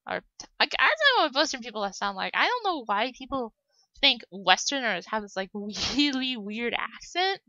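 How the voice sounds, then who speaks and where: A woman's voice: a little high, big pitch swings, normal speed, sharp tone, no room sound, poor audio. A young woman casually commenting on her own gameplay, chatty and giggly with lots of fillers. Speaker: let's play host. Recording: game music playing behind.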